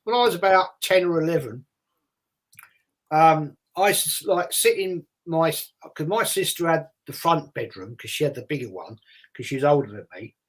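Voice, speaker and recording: A man's voice: a little high, animated, moderate pace. An older man from England with a London accent, hosting a casual chat and telling rambling childhood stories. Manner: rambling anecdotal storytelling with acted-out voices. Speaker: host.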